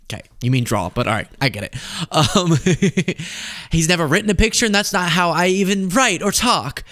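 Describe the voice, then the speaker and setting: A man with a Texan accent hosting a casual political commentary show, sarcastic and animated, laughing at his own points. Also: sits high, unhurried, no echo, clean studio sound.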